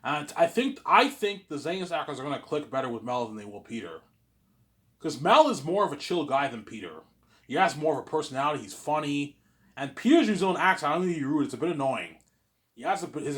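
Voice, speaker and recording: A man hosting his own series, talking in a casual, excitable, rambling way and often repeating words as he restarts. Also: mid-range voice, fast talker. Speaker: host of a listening series.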